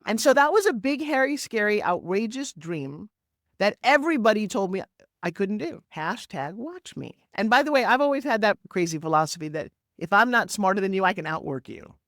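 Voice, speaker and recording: A woman in her sixties, a podcast guest talking over a video call, telling her story in an energetic, emphatic way with big swoops in pitch. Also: moderate pace, dry recording, studio quality. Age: 60s. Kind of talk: animated interview storytelling. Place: home office, Florida.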